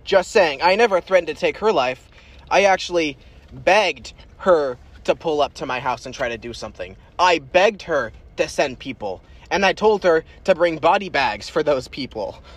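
A man's voice: fairly high pitch, expressive, normal speed. A man hosting a casual podcast, talking in a profane, boastful and swaggering way. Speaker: podcast host.

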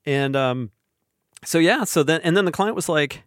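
Animated man telling a story with a laugh. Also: on the high side, normal speed, dry recording, clean studio sound. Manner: animated, laughing, acts out quoted voices. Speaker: podcast host. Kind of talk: casual storytelling chat.

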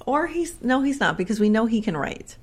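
A woman's voice: on the high side, very animated, a little fast, slightly rough. Blunt wry woman in her thirties, casual chat cohost, voice swings up and down a lot. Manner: wry, laughing, blunt commentary. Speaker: podcast co-host.

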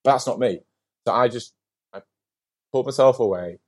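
A man chatting as a guest on an interview podcast, telling a story in a lively, casual way, with lots of "like" and the odd swear word. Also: mid-range voice, normal speed.

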